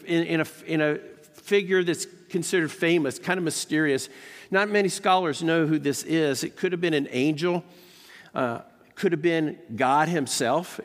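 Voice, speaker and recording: American man preaching in an echoing hall. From United States. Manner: animated storyteller, jumps up in pitch when excited. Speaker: professor preaching at a college chapel. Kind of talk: sermon with personal story. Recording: long hall reverb.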